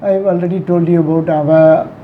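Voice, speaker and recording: A man teaching a grammar lesson, talking slowly and repeating the key words to stress them. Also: on the high side, fairly even intonation. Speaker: English teacher. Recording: slightly dull recording with faint traffic behind.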